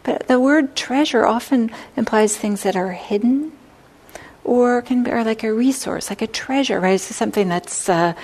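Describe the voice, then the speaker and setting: A woman giving a dharma talk, telling a Buddhist story in a measured way and explaining its terms as she goes. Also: fairly high pitch, darkish tone, poor audio. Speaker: Buddhist teacher.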